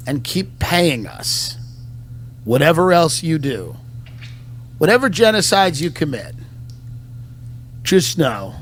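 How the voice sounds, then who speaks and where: A comedian delivering a satirical, mock-solemn patriotic monologue in a deadpan manner. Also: male voice, a little high, a little hiss or hum. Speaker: comedian and podcast host.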